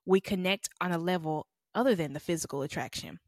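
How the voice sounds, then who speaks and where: A woman's voice: on the low side, quick pace, darkish tone, no room sound, studio quality. A young adult woman co-hosting a podcast, frank and joking in casual chat. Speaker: podcast co-host.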